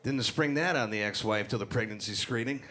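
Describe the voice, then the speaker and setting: A middle-aged man doing a stand-up set on a club stage, with dark, deadpan crowd work and acted-out voices. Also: lowish voice, fairly quick. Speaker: stand-up comedian. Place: comedy club stage before a live audience. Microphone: handheld stage mic. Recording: live club recording, loud crowd laughter.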